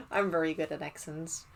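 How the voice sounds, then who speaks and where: A woman's voice: low-pitched, gravelly, a little hiss or hum. A young woman streaming while she crafts, chatting casually, giggling often and hesitating with many restarts.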